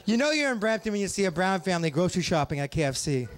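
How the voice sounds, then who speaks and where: A man with a fairly high voice works through a stand-up set on a small pub stage. He keeps things wry and deadpan, tossing quick asides to the crowd between jokes. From Ontario, Canada. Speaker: stand-up comic.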